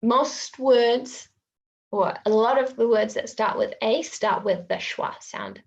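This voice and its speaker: A woman's voice: a little high, slow, dull audio. A woman with a New Zealand accent teaching English pronunciation in an online webinar, patiently repeating words so learners can copy them.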